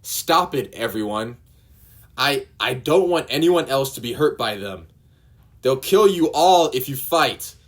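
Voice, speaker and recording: A man's voice: on the low side, animated, moderate pace, few pauses, breathy edge. A man voicing a tearful, desperate young woman who pleads in a raised voice.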